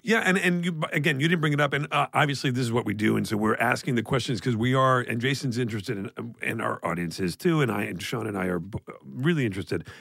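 Gravelly guy in his 50s cohosting a podcast, jokey, ribbing people, dry close sound. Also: medium pitch, fast, few pauses, fairly bright tone, dry recording. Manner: teasing, joking, swears. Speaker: podcast co-host. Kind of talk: casual chat.

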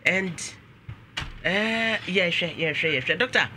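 A Ghanaian man hosts a talk show in a high, piercingly bright voice. He flips between English and Twi and breaks into frequent exclamations. A faint hiss sits behind him. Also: animated, measured pace.

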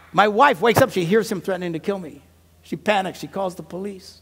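Animated gravelly comic preacher man. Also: on the high side, a little fast. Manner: animated, swings between mumbled asides and loud punchlines; laughs at his own stories. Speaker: pastor and comedian. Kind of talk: comic sermon storytelling.

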